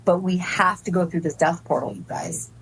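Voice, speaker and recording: A woman in her forties chatting casually as a podcast guest, an effusive and animated storyteller. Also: lowish voice, normal speed, a little hiss or hum, poor audio. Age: 40s. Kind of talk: casual spiritual chat.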